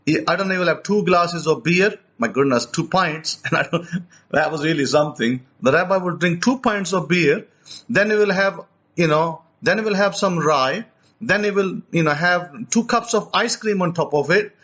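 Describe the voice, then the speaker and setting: Storytelling preacher man, fairly high voice. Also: normal speed, lo-fi sound. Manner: animated retelling, repeats and restarts words. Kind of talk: storytelling teaching.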